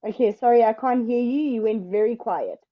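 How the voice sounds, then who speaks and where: A woman teaching English in an online lesson, explaining step by step in a patient, slow way. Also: fairly high pitch, lo-fi sound.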